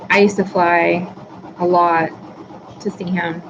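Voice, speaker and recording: A woman's voice: lowish voice, level tone, slow, muffled recording, a little hiss or hum. A woman in her thirties hosting a casual live stream, chatting with viewers by name and apologizing easily. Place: home workroom with a sewing machine running.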